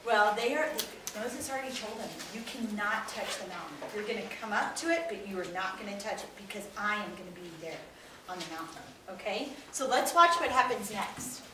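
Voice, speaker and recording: A woman telling a Bible story to children with lively expression, quizzing them as she goes. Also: medium pitch, brisk. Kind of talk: animated Bible lesson for kids. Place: classroom with children. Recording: echoey room, far from mic, noisy.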